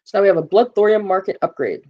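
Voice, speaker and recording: A live-stream host rambles through a game's release notes, reading figures aloud and stopping often with fillers to answer viewers in chat. The pitch sits in a middle range. The audio is a little dull and lo-fi, like a home stream mic. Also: fast.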